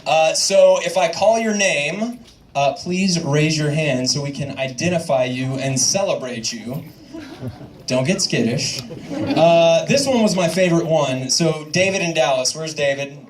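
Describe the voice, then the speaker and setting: A man's voice: on the high side, unhurried. A man hosting a live audience Q&A at a radio showroom, joking and hyping up the crowd. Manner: hype, joking, works the crowd. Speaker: radio host. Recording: distant mic, noisy crowded room. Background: audience chatter.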